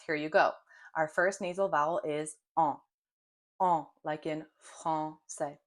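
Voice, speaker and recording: A woman in her thirties giving a clear pronunciation lesson, slowly sounding out vowels to demonstrate them. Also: low-pitched. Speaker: French pronunciation teacher.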